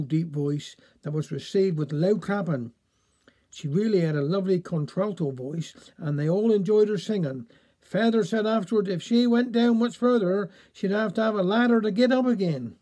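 A man's voice: high-pitched, normal speed, dark tone. A man with a Cornish accent reading a dialect story, playfully voicing the villagers.

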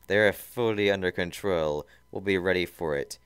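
A man's voice: sits low, normal speed, fairly bright tone, clean tone, dry recording. A man voicing a whiny, nasal male sidekick to a villain while reading a fan story aloud. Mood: simpering. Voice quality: nasal, whining.

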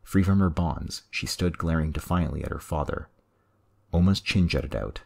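A man reading a story aloud as the narrator, in a measured, even delivery. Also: very deep voice, vocal fry.

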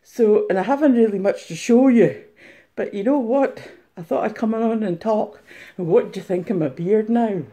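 A woman's voice: medium pitch, moderate pace, dark tone, close to an everyday voice. A woman putting on a cheerful, chatty bearded male reseller for a comic vlog skit, recorded on a mobile phone. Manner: chatty, jolly, addresses viewers.

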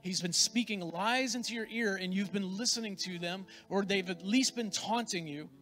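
A middle-aged man preaching with fervent, repetitive insistence, his voice sitting high for a man. A faint guitar plays beneath his prayer and exhortation. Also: normal speed, a bit bright. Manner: fervent, repeats phrases for emphasis. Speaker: pastor. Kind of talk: sermon with prayer.

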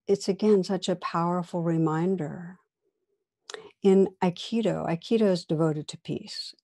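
A woman meditation teacher giving a dharma talk, telling a story in a gentle, measured way that sometimes drops to a soft whisper. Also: lowish voice.

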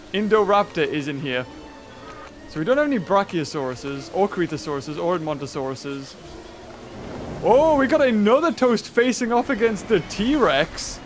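British gaming host, high animated voice, excitable, prone to shouting and laughing. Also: male voice, normal speed, soft background music. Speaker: gaming YouTuber. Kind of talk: excited let's-play commentary.

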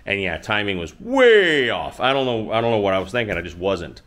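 A man's voice: on the low side, very animated, a little fast, a bit bright. A middle-aged man hosting a motorcycle channel, telling a rambling, self-deprecating story in casual chat from his home garage.

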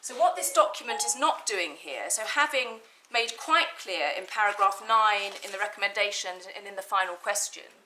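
A woman barrister making a formal legal argument to judges in a courtroom, measured and precise, stressing key words. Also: medium pitch, sharp tone, slight background noise, poor audio.

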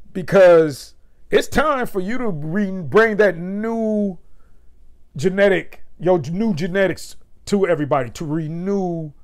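A man with a high voice hosts his own vlog, speaking in an unhurried, drawn-out way. His talk is loose and profane, and he slips into slow, careful recitation when he reads aloud. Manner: loose, profane and laughing, breaks into loud high cackles. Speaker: vlog host. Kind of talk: casual vlog commentary with a slow read-aloud.

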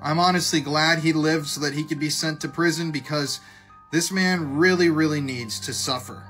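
A man's voice: fairly high pitch, fairly even intonation, normal speed, fairly bright tone, faint music behind. A man narrating a true crime story in a blunt, opinionated way.

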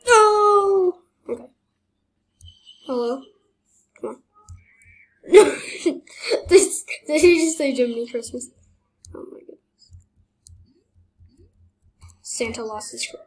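Young female gaming host, high-pitched, slow-paced, excitable casual play-by-play. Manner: excitable, exclaims and laughs while playing. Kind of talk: casual gameplay commentary.

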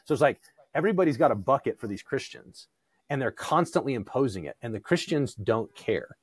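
A man talking as a podcast guest in a conversational theological discussion, animated, acting out quoted voices with frequent restarts. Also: mid-range voice, fairly quick, breathy edge, dry recording.

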